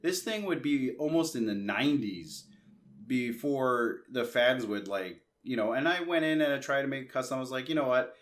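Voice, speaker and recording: A man's voice: mid-range voice, animated, moderate pace, a bit bright. A man from Canada, a tech vlogger, telling a long casual story and acting out both sides of his chats with customer service. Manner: chatty, re-enacts conversations in quoted asides, frequent restarts.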